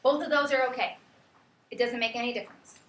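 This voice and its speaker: A woman teaching a class, leading students with lively, sing-song calls. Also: on the high side, fairly quick. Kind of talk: classroom lesson. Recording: echoey classroom from far off.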